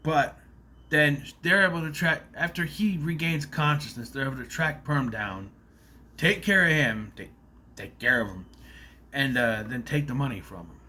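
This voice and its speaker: A man's voice: mid-range voice, moderate pace, pushed and bright. A man casually recapping a movie plot in a rambling, loose way, swearing freely as he goes.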